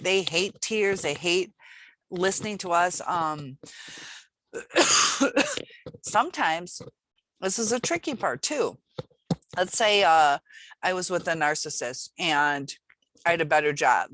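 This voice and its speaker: A woman's voice: low-pitched, fairly bright tone, no room sound. A woman host speaking casually to her audience, acting out quoted lines as she goes. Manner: conversational, acts out quoted lines with shifts in tone. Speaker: channel host. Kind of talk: casual talk to camera.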